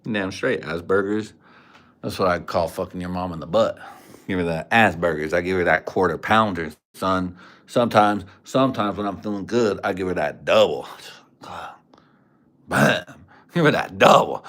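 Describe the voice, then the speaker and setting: A man rambling through crude trash talk on a home livestream, his voice sitting at an ordinary pitch. He talks into a desk mic in a room at home, loose and unfiltered. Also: normal speed, fairly bright tone. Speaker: livestream host. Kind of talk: crude casual livestream chat. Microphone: desk microphone.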